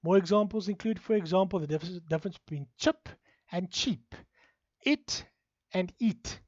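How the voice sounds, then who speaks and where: A man's voice: high voice, a little mellow, no echo, muffled recording. A man with an Afrikaans accent from South Africa, giving a recorded university lecture, hesitant and full of fillers.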